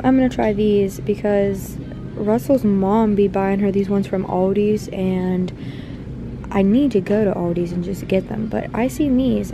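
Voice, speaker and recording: Young woman, casual vlogger, excitable and profane, faint background noise. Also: medium pitch. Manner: excitable, swears freely, slangy. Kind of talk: casual vlog chat.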